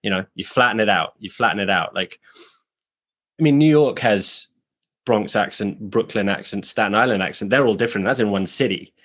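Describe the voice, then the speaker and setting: A British man, an actor, talking through ideas in a relaxed podcast chat, thoughtful and frank, circling back on himself as he goes. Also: fairly low pitch, a little fast. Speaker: actor, guest. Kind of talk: casual podcast conversation. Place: New York.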